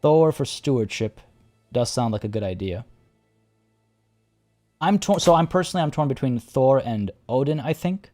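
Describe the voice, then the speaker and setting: A man streaming a strategy game live, talking through his choices out loud and chatting with his viewers. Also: mid-range voice, animated, moderate pace, pauses often, soft background music. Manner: chatty, reads chat aloud and thinks out loud.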